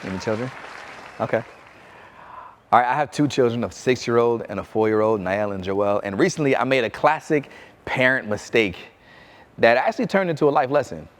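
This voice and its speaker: A man in his thirties giving a motivational keynote, telling a story and acting out his children's voices. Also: mid-range voice. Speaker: keynote speaker.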